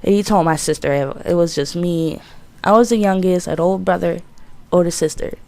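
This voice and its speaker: A woman in her twenties, a gaming commentator, telling a childhood story in a casual, profane, animated way. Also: lowish voice, fairly quick, vocal fry. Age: 20s.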